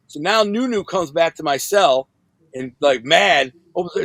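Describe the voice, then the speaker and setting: A middle-aged man from Michigan tells a long story as a podcast guest. His voice sits a little high for a man and sounds close and dry. His talk is loose and full of slang, and he acts out the lines other people said. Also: lively intonation, brisk, no echo. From Michigan, United States. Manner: slangy, retells scenes by acting out quoted dialogue. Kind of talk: casual storytelling.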